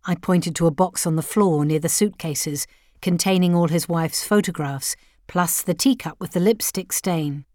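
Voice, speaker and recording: A woman reads a first-person story aloud, measured and a little wry. Her voice is fairly low, and the recording is close and dry, with no room sound. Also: darkish tone, no echo. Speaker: narrator.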